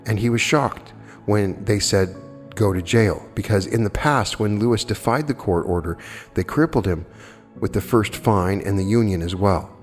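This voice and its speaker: A man's voice: lowish voice, normal speed. A man giving a plainspoken spoken lecture, arguing his points with rhetorical questions and answering audience questions. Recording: old archive lecture with long hall reverb and faint music.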